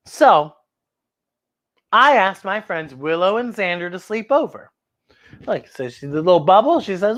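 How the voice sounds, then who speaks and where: A woman hosting a children's show, reading a picture book aloud with chatty, animated asides. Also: medium pitch, unhurried, pauses often. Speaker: children's story host.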